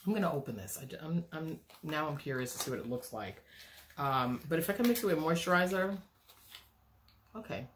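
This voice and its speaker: A middle-aged woman, a beauty vlogger, chats casually through a beauty unboxing recorded on her phone camera. Her voice sits low with lively intonation and a slightly fast pace, over slight background noise. She rambles and pokes fun at herself, with lots of fillers and restarts.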